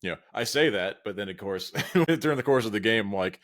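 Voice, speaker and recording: Deep-voiced man explaining game tactics. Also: brisk, few pauses. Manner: relaxed, explains game moves. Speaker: podcast co-host. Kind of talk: casual chat.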